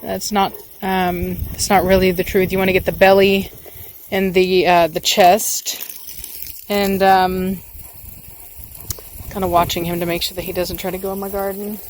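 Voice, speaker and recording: A woman's voice: fairly low pitch, flat delivery, unhurried, pauses often, a little hiss or hum. A woman dog breeder chatting casually in her backyard while she waters the garden, rambling along with lots of fillers. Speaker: dog breeder and channel host.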